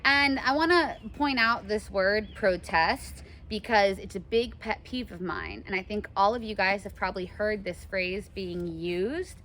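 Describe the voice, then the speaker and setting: A young woman teaches her class in a chatty, animated way and often slips into little voices for her examples. Her pitch sits mid-range but swings freely, and a faint room hum lies behind her. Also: measured pace, hardly any pauses. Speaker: English teacher. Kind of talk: classroom lesson.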